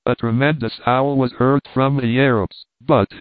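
A man's voice: mid-range voice, steady tone, normal speed, no room sound. Man reading an audiobook over a phone-like line. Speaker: narrator. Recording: tinny phone-like dry sound.

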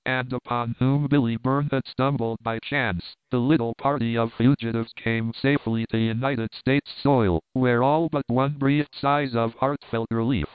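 A man narrating an adventure novel in a steady, even storytelling manner. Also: mid-range voice, smooth, no room sound. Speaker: audiobook narrator. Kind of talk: scripted narration. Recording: thin phone-like sound.

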